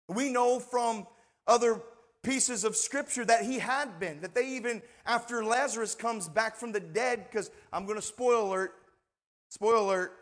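A man preaching a sermon and reading scripture aloud, slow and emphatic, asking his listeners rhetorical questions. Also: very high voice, a bit bright. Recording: long reverb in a large hall.

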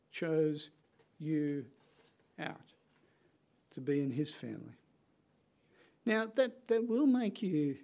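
Male preacher, slightly higher voice with a gravelly edge, earnest and conversational sermon delivery with pauses for weight. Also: a little mellow.

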